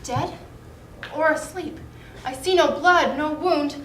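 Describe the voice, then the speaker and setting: A woman's voice: high voice, slow pace, slight background noise. A woman playing a lovesick, scorned young woman, pleading in plaintive verse on stage. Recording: echoey stage recording.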